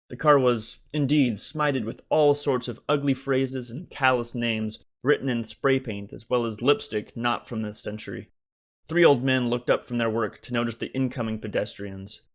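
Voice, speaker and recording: A man, the author, narrating his own comic novel as an audiobook in a wry, deadpan delivery. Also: mid-range voice, normal speed.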